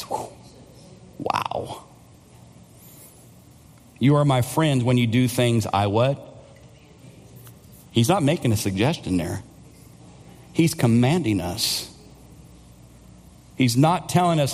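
A man preaching a Sunday sermon at a mid pitch, pressing his points with loud, emphatic bursts. His voice rings through the long reverb of a church sanctuary. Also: very animated, slow, long pauses. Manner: preaching with rising, near-shouted emphasis. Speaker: pastor.

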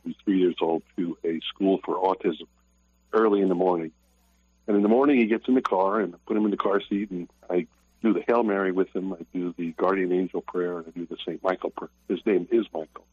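Older man, radio caller over a tinny phone line, very deep husky voice, earnest and halting. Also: no echo. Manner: earnest, halting, restarts often. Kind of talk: phoned-in personal testimony. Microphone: telephone.

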